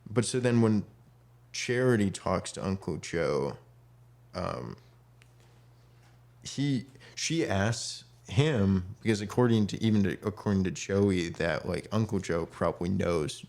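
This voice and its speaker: Low gravelly man chatting, rambling. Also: a little slow, darkish tone. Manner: rambling, many fillers, acts out quotes. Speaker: podcast co-host. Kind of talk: casual chat.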